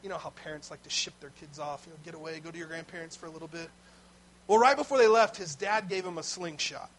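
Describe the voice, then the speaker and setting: A man's voice: a little high, quick pace, fairly bright tone, poor audio. A man preaching a sermon as pastor, telling a story in a conversational way with asides to the congregation.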